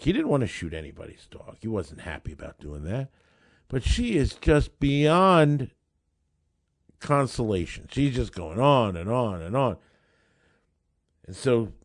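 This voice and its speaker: A man who is a lawyer telling a case story in an animated, conversational way, acting out the dialogue. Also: mid-range voice. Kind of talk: storytelling monologue.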